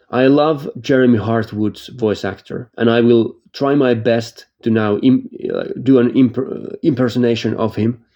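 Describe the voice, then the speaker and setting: A man's voice: medium pitch, dark tone. A man who is not a native English speaker, casually reviewing games, rambling and restarting his sentences and laughing easily. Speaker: game reviewer. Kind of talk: casual spoken game review.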